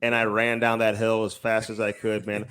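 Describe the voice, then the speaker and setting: A man co-hosting a podcast, talking in a deadpan, mock-dramatic way during casual chat. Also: on the low side, normal speed, smooth. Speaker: podcast co-host.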